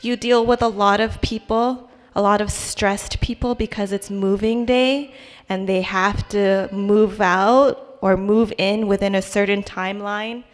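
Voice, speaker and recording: A young adult woman, unhurried and fairly even in intonation at a medium pitch, gives a personal church testimony. She talks conversationally but hesitantly, frequently restarting and using fillers, with long hall reverb audible.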